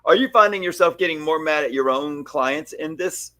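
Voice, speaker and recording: A man's voice: fairly high pitch, normal speed, no room sound. A man who owns a salon, talking in a casual, emphatic podcast chat with a stylist colleague. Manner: animated, emphatic storyteller. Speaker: salon owner and stylist educator.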